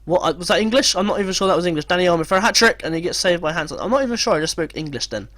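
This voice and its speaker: A young man giving casual commentary over a football management game, swearing, mocking himself and breaking into excited outbursts. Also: sits high, racing. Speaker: gaming video creator.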